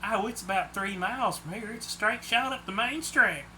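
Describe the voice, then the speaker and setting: A man's voice: sits high, normal speed, bright, forceful tone, a little hiss or hum. A man voicing a friendly, helpful young woman working as a diner waitress.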